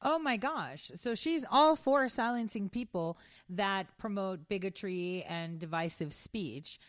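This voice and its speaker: Slow, dry-voiced commentary host, a woman. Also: mid-range voice, animated, no room sound. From New York, United States. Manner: conversational, pointed, with asides. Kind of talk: opinionated commentary monologue.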